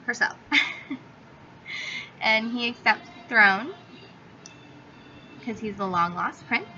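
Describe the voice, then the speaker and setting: Young woman, casual book review vlog, bright tone, higher voice, chatty with lots of fillers, slightly dull audio with faint hiss. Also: expressive, very slow. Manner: chatty, filler-heavy, swears freely.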